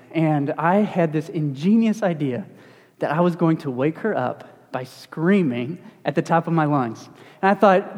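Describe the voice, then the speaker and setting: Young male pastor preaching in a reverberant hall. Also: fairly high pitch. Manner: conversational and animated, with self-deprecating humor. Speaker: student pastor. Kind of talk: casual sermon with stories. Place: church sanctuary.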